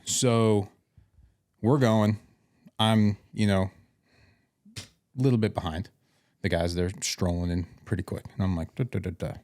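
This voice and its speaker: Low-voiced man telling work stories. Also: measured pace, pauses often, dry recording, studio quality. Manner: animated, acts out dialogue, swears casually. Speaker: podcast host, paramedic. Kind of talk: casual storytelling chat.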